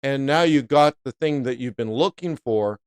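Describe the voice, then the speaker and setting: A middle-aged man hosting a live trading stream, giving animated and jokey market commentary that breaks into loud playful bits. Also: mid-range voice, normal speed, slight background noise.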